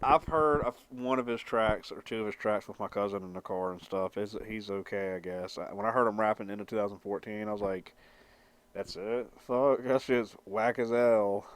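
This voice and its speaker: A man's voice: fairly low pitch, fairly quick, hardly any pauses, a bit bright, clean tone, dry recording. Rambling young man with loose slang. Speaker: vlogger. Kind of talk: casual vlog chat.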